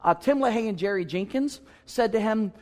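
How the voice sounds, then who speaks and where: Earnest male pastor, slightly high voice. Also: animated, normal speed, darkish tone. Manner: earnest, conversational storytelling with emphatic asides. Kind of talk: sermon storytelling.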